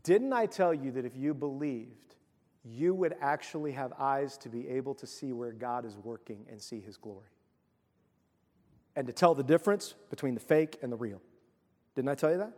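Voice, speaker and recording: A man voicing Jesus in a low, hushed, indignant tone during a sermon. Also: lively intonation, moderate pace, in a large hall, natural voice.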